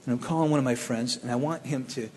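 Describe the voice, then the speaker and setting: A man from the Cleveland area telling his own testimony in a plainspoken, animated storytelling way. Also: mid-range voice, quick pace, big-room sound, slight background noise.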